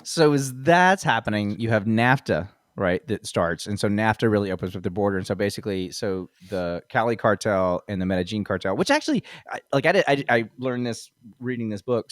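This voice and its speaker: A man's voice: medium pitch, no room sound, clean studio sound. A man hosting a comedy podcast, talking in a rambling way with many fillers and frequent laughs. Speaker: podcast host. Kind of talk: casual comedy podcast chat.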